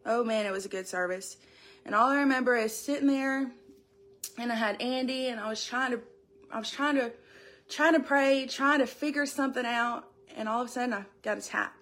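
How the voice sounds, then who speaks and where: A young woman giving an earnest, emotional church testimony, tearful and halting as she speaks. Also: fairly high pitch, a bit bright.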